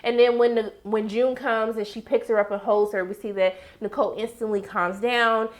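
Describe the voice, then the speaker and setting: Brief: young woman, TV recap host, sassy and animated, voice pitched a little high. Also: normal speed. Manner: sassy, animated, talks back to characters. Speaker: TV recap reviewer. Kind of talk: casual episode recap.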